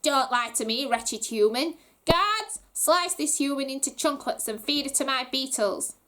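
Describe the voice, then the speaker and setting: A woman voicing a tiny, vain male goblin prince with a squeaky, haughty voice. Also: expressive, measured pace, a bit bright. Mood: shrieking. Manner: haughty, shrieking, whiny.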